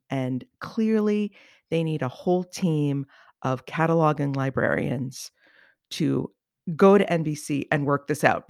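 A podcast co-host with a mid-range voice, talking casually in a wry, animated way and exaggerating for laughs. The sound is dry and close on a podcast mic. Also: mid-range voice, no room sound. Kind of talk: casual chat.

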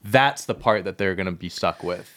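A man co-hosting a podcast, talking through wrestling storylines in casual chat and getting heated as he goes. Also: moderate pace. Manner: animated, heated rants that climb in pitch. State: out of breath. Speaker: podcast co-host.

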